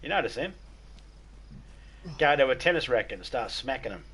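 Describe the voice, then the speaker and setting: A man's voice: medium pitch, very animated, normal speed, fairly bright tone, slightly rough. An Australian man with a mid-range voice, chatting as a livestream host. He drawls crude jokes in an easygoing, matter-of-fact way and keeps dropping "mate". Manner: crude jokes in a laid-back drawl, says "mate" often. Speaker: streamer host. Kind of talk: casual joke-telling chat.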